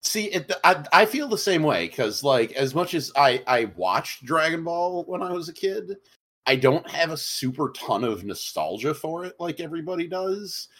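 A man's voice: on the high side, very animated, moderate pace, a bit bright. A man co-hosting a podcast in loose, rambling casual chat, often repeating words as he restarts. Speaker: podcast co-host.

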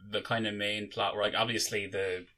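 A man's voice: lowish voice, flat delivery, brisk, sharp tone. A young man co-hosting a podcast, chatting casually and rambling with many restarts. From Ireland. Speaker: podcast co-host. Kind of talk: casual chat.

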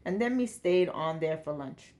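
A woman puts on a jovial elderly Jamaican man who has lived in England for decades, teasing his daughter in patois-tinged phrasing. His voice sits a touch low and carries a good-humoured chuckle throughout a read-aloud story. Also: lively intonation, normal speed, mellow. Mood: cheerful.

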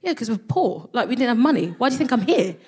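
A blunt, matter-of-fact mother who waves away complaints, as a woman puts her on. The voice sits a little higher than the teller's own and sounds dismissive and plain. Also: lively intonation, fast talker, noisy background, natural voice.

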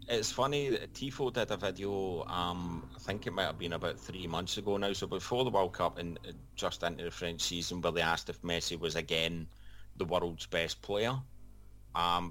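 A man giving measured, dryly humorous football opinions as a podcast pundit, hedging his points. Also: low-pitched, a bit bright. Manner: measured, dry humour, hedging. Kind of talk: casual panel chat.

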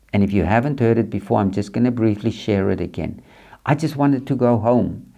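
A man's voice: mid-range voice, creaky, darkish tone. A man hosting a podcast, speaking earnestly and repetitively in a reflective, faith-based monologue aimed straight at the listener. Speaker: podcast host.

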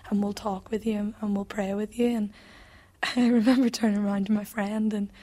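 A woman's voice: mid-range voice, level tone, brisk, warm tone. A woman in her twenties sharing a personal testimony in an interview, reflective and hesitant, often restarting her sentences.

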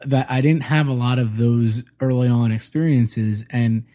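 Animated, mellow-voiced man telling stories. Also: mid-range voice, a little slow. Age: 30s. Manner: animated storyteller, swears freely. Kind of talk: casual conversation.

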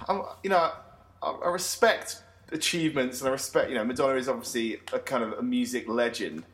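A man's voice: mid-range voice, a little fast, fairly bright tone. A man co-hosting a cricket podcast, chatting casually, laughing easily and rambling a bit. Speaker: podcast co-host. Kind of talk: casual chat.

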